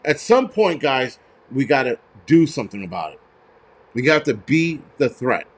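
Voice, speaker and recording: A man's voice: medium pitch, sing-song, normal speed. A man hosting a show, ranting heatedly with lots of swearing and stumbling restarts. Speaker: host. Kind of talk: profane ranting commentary.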